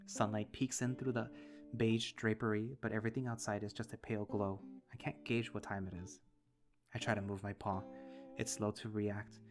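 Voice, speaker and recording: Low-voiced man reading a story. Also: flat delivery, moderate pace, music in the background. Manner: emotional, intimate. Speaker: narrator. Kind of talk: dramatic first-person reading of a visual novel.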